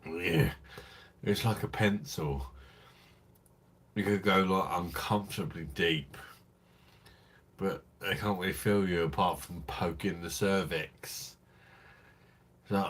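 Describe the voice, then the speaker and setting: Tipsy man, low and slow. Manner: crude, rambling and affectionate toward viewers. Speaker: live stream host. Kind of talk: drunken casual live-stream chat.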